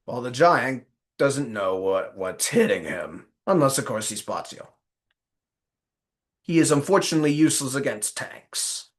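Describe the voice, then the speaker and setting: Man, casual game-guide narrator, put-on Australian accent, playful and rambling, lively pitch. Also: unhurried. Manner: playful, rambling, with self-corrections.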